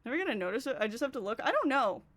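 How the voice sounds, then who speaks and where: A woman's voice: sits high, big pitch swings, rapid-fire, a bit bright. A young Canadian woman streaming, chatting casually in a rambling, self-interrupting way with a Canadian accent. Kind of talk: casual chat.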